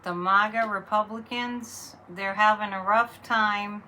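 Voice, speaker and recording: A woman's voice: mid-range voice, steady tone, measured pace, sharp tone, a little hiss or hum, low-quality recording. A woman reading tarot cards in a casual, blunt, chatty monologue. Her voice rises sharply when she is incredulous. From Massachusetts. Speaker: psychic reader.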